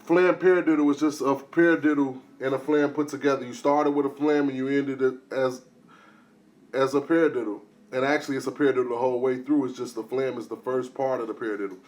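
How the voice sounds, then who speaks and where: A man teaching drum rudiments in a casual lesson, explaining step by step and counting the strokes out loud. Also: mid-range voice, fairly even intonation, quick pace. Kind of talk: casual instructional talk.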